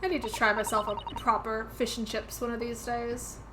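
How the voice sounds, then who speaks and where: A woman's voice: a little high, little pitch movement, moderate pace, noisy background. A woman streaming a video game and musing aloud in a rambling, casual way. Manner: rambling, musing, laughs at herself. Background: game music.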